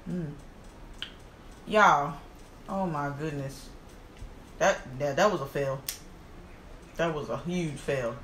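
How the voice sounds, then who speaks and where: A woman's voice: deep voice, slow pace, long pauses, echoey room, a little hiss or hum. A woman hosting a casual eating vlog, exclaiming and talking to her viewers as she eats. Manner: animated, exclaiming, addresses viewers as y'all. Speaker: mukbang host.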